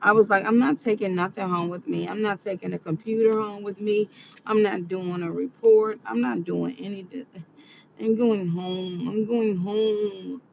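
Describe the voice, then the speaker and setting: A woman's voice: mid-range voice, steady tone, normal speed, vocal fry, highs cut off, slight background noise. A tired woman vlogging to her viewers in a rambling, chatty monologue. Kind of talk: casual monologue.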